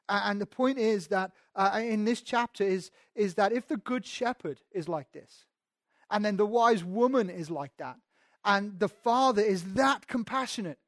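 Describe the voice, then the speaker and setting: A man's voice: high voice, no echo, studio quality. A man preaching a sermon in a conversational teaching manner, speaking directly to his listeners.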